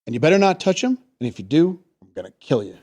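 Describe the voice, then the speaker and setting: A gruff, threatening farmer, as a man puts him on in the middle of a spoken joke. The voice drops low and turns menacing, with lively swings in pitch. It sounds like someone telling a joke, not a polished act. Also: fast talker.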